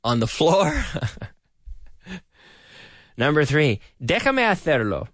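A man hosts a radio language lesson with a fairly high voice that swoops up and down as he drills sentences. He repeats each line slowly and clearly for his listeners, close to a dry studio microphone. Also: wildly swooping pitch, no echo. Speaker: radio English teacher.

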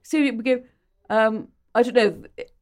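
A woman's voice: a little high, fairly even intonation, a little slow. A woman from London with a Southern English accent, a guest on a talk show who laughs often and hesitates while searching for words. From London, England. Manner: giggly, hesitant, warm laughter. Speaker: guest psychologist.

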